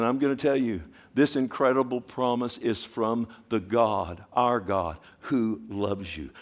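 A male pastor preaching a sermon with passion, dropping to a hush and then rising loud, asking his congregation questions again and again. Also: mid-range voice. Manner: impassioned, swings from hushed to loud.

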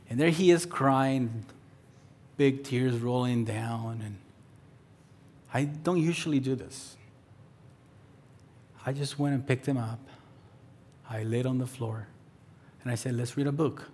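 A man in his thirties preaching a sermon as pastor, telling stories and acting out the voices in them, sometimes dropping to a soft near-whisper. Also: medium pitch, slow pace, long pauses. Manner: storytelling, acts out voices in quotes, drops to soft near-whisper.

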